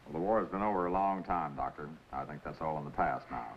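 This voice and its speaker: An actor playing a hospitable rancher uncle who speaks in a welcoming way in 1950s TV western style. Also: male voice, very deep voice, brisk. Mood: friendly. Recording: dull hissy old TV soundtrack.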